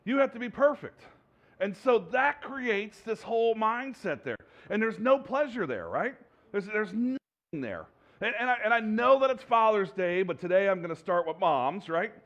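A pastor giving a sermon in a conversational, rambling way, with many fillers and restarts and a joking, self-deprecating manner. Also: male voice, sits high, very animated, normal speed, a bit bright, dull audio. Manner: self-deprecating, jokes with the congregation.

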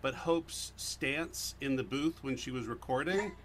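A man's voice: mid-range voice, unhurried, a bit bright, slight background noise. A man on a video call telling a teasing behind-the-scenes story about a colleague, in an enthusiastic way. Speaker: former colleague on a cast reunion.

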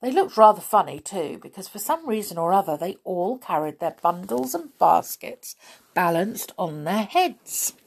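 A woman reading a children's story aloud in an expressive, unhurried way. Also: medium pitch, vocal fry, slightly rough.

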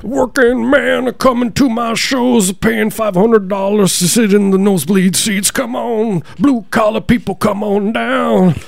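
A showy male rock star with fake folksy charm, as a man puts him on. His voice is pushed far above its usual pitch and his words are drawn out slowly. The recording is dry, with no room sound. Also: steady tone, creaky, dry recording, heavily acted. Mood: mock folksy. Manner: drawn-out, mock-folksy pleading.

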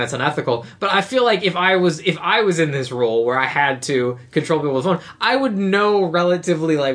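A woman's voice: deep voice, a bit bright. A woman co-hosting a casual podcast, recapping a movie in a rambling way and acting out the characters' lines. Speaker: podcast co-host.

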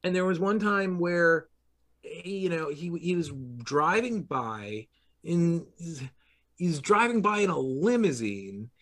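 A middle-aged man from Long Island tells stories in a loose, rambling way, full of "um" and "like" and restarts. His voice sits a touch on the high side. He talks like he's chatting across a table. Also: lively intonation, slow pace, a bit bright. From New York, Long Island. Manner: rambling anecdotes with many fillers and restarts, laughing through punchlines. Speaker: podcast host. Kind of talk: casual conversation.

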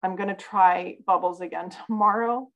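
A woman's voice: mid-range voice, fairly even intonation, normal speed, fairly bright tone, low-quality recording. A woman guest on a podcast, telling a personal story in an earnest, candid way. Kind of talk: casual conversation, personal storytelling.

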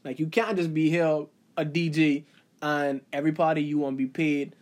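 A man talking in a casual podcast chat, animated and rhetorical, using Caribbean slang. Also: a little high, normal speed.

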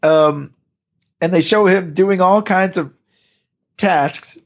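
A man's voice: high-pitched, slow pace, dull audio. A man co-hosting a podcast, recapping a TV episode in casual chat, rambling with restarts and laughs. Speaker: podcast co-host.

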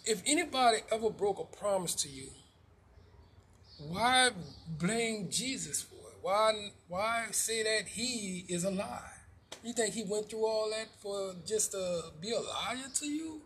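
A man's voice: high-pitched, unhurried, fairly bright tone, a little hiss or hum. A man preaching informally, firing rhetorical questions, restarting phrases and dropping slangy asides.

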